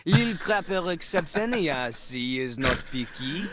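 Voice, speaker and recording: A man's voice: on the high side, very animated, a little slow, noisy background. A man voicing a cocky male toilet rapper in a video game, with a French accent and boastful, sing-song rap delivery. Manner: boastful, sing-song rapping and hype talk. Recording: game audio with music behind.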